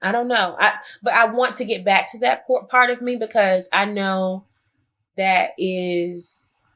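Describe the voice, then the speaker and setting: A woman's voice: medium pitch, fairly even intonation, measured pace, fairly bright tone. A woman co-hosting a podcast, talking in casual chat in a reflective way and often stopping to restart her sentences. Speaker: podcast co-host.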